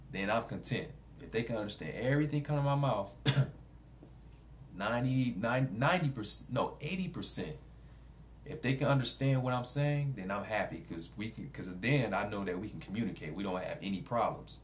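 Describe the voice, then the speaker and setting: A man's voice: on the low side, a little hiss or hum. A man talking casually to camera in a vlog, blunt and repetitive, with features. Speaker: vlogger.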